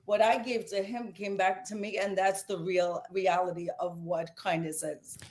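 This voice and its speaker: A woman's voice: medium pitch, moderate pace. A woman with a Brooklyn accent, a guest author telling stories emphatically in a casual interview. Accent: Brooklyn New York. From Brooklyn, New York. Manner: emphatic, animated storyteller.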